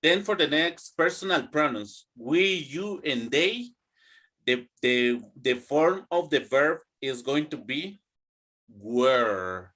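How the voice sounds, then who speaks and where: A man's voice: medium pitch, expressive, slow, bright, forceful tone. A young man teaching an English grammar class, drilling students to repeat after him. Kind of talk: online classroom lesson.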